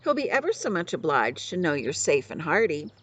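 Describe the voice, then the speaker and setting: A woman voicing a gruff, boastful male outlaw leader in a storybook reading, bossing everyone around in rough slang. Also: sits low, sing-song, fairly quick, fairly bright tone, heavily acted. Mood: scornful. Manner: coarse old-fashioned slang, bossy.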